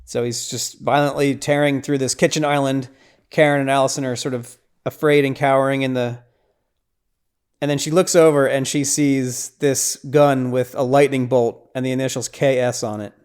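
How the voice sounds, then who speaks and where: Smooth-voiced man recapping a film. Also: medium pitch, fairly even intonation, moderate pace, a little mellow. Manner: chatty, lots of "like" and "right?". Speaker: podcast host. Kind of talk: casual scene-by-scene film recap.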